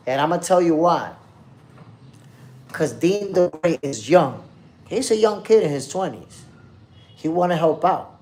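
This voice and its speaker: A man's voice: on the high side, a little mellow. A man hosting a live boxing stream, chatting casually and reading viewer comments in loose slang. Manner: loose slangy street talk, addresses chat directly.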